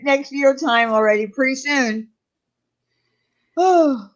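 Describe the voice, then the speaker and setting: A woman hosting a casual livestream chat, teasing her co-hosts and bursting into loud laughter. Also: high-pitched, takes it slowly, dull audio. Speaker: livestream show host.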